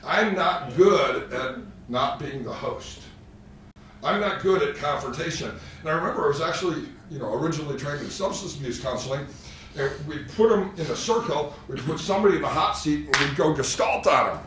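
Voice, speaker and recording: A man's voice: a little high, animated, brisk, fairly bright tone. A man giving a live therapy training lecture, with joking, self-deprecating asides. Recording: echoey room, distant mic, faint noise.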